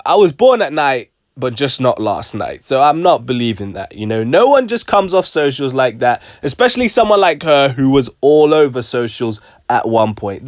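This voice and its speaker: Man, vlog commentary, sarcastic, slangy, lively swinging pitch, dry close sound. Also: no room sound. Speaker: YouTube commentator.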